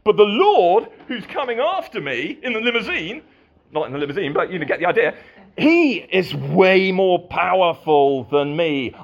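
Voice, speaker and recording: A man's voice: high-pitched, highs cut off. A man preaching a sermon to a congregation, with playful asides.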